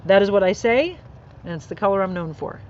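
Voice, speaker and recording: This podcast host has a mid-range, somewhat dark voice with lively intonation and a brisk pace, though the highs are missing. She's live outdoors, earnestly encouraging listeners on faith and kindness while birds and faint outdoor sounds carry in the background.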